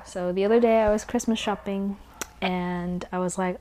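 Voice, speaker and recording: A young woman hosting a casual podcast, congested, rambling and correcting herself, often dropping to quiet asides. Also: mid-range voice, fairly even intonation, normal speed, slight background noise. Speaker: podcast host. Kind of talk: casual chat recap.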